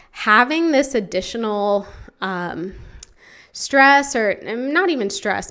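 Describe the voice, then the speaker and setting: A young woman speaks alone as a podcast host, smooth and clear in tone at a middle pitch. She tells her story candidly, with feeling and casual fillers. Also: fairly bright tone. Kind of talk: reflective solo podcast monologue.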